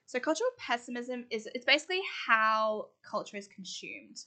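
Young woman podcast co-host, fairly high bright voice, rambly and giggly. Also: lively intonation. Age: young adult. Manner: quick, giggly, rambling explanations. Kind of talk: casual chat.

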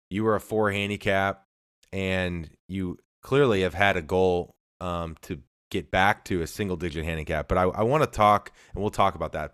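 A man's voice: low voice, fairly bright tone, smooth, no room sound, clean studio sound. A man hosting a podcast, asking earnest, reflective interview questions. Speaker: podcast host.

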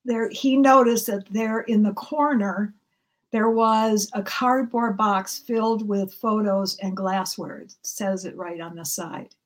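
A woman pastor telling a heartfelt story in a gentle, storytelling manner from the pulpit. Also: medium pitch, steady tone, takes it slowly. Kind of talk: sermon storytelling.

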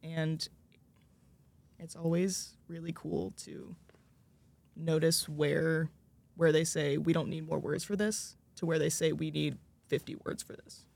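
A man's voice: on the high side, little pitch movement, unhurried, gravelly, darkish tone. A young man, a French student from the United States, talking casually on a student panel, rambling and searching for examples with plenty of fillers.

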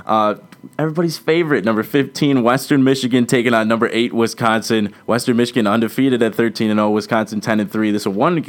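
A man's voice: mid-range voice, steady tone, fast talker. A young man hosting a casual sports podcast, teasing his co-host and laughing often as he runs through game picks.

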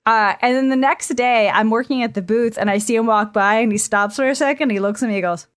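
A woman co-hosting a casual podcast chat from a friend's apartment, telling stories in an animated, excitable way and swearing freely. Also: on the high side, a little fast, smooth, dry recording, clean studio sound. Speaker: podcast co-host. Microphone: remote recording setup.

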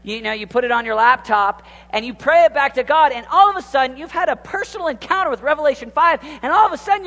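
A man in his thirties preaching informally, rambling and animated, swinging from hushed asides to excited exclamations. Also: very high voice, brisk. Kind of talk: informal sermon. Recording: long hall reverb.

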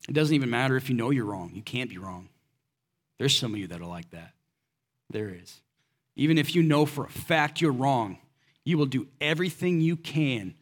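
A man's voice: medium pitch, lively intonation, normal speed. Casual, conversational preacher man. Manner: conversational preaching with rhetorical questions; casual and direct, slips in slang. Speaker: pastor. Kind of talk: sermon.

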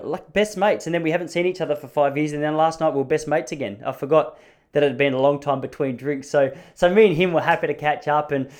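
A man in his thirties, chatting as a podcast host. He tells comic stories in a self-mocking way, and his pitch leaps up whenever he stresses a point. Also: quick pace. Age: 30s. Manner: animated, self-mocking, pitch jumping up for emphasis. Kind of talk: casual comedic storytelling.

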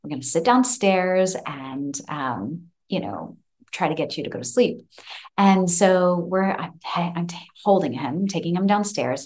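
Lower-voiced woman telling a spooky story. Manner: animated, acts out the child's voice with laughs. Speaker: podcast host. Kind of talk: casual storytelling. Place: home office room.

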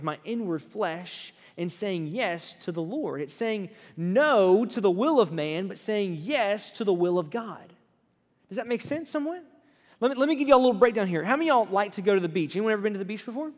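High-voiced preacher in a reverberant hall. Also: male voice. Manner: lively, conversational, checks in with the audience. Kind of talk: sermon.

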